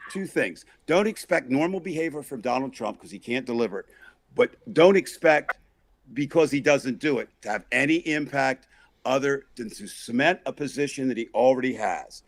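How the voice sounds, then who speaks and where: A man hosting a comedic political chat show, loudly mocking and exasperated as he rants. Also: mid-range voice, moderate pace, no room sound. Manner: loud, mocking, exasperated ranting. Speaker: podcast host.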